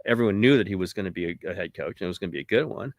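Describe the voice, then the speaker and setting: A man in his fifties, a sports columnist guest, telling animated anecdotes on a podcast with frequent laughter and quoted asides. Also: sits low, very fast, dry recording. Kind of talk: casual podcast storytelling.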